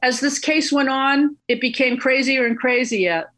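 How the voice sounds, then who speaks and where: A middle-aged woman tells a story in a chatty, digressive way. Her voice is bright and sits a little high. She drifts into side remarks as she talks. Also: a little slow. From Boston. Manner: chatty, digressive, laughs at the absurdity. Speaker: guest recounting a court case. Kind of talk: casual storytelling interview.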